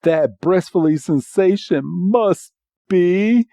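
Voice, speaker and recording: A man's voice: high voice, extremely slow, dark tone, no echo, studio quality, voice pushed up, exaggerated voice. A man doing a melodramatic cartoon villain. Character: dramatic young male cartoon villain.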